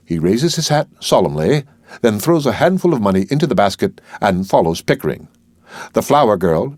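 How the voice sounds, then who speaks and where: A man narrating an audiobook of a stage play, reading the stage directions in a calm, lower narrating voice. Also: moderate pace, dry recording, studio quality. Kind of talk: scripted narration.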